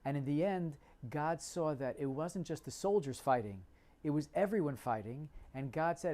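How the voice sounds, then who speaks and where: A man's voice: a little high, normal speed, darkish tone. Earnest man teaching scripture. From New Jersey, United States. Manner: earnest, explanatory storytelling. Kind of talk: religious teaching.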